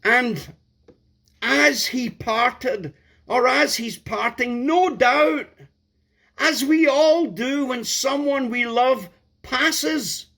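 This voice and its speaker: A man's voice: extremely high pitch, drawn-out words, bright, forceful tone. A man preaching a sermon, emphatic and repeating key words for stress.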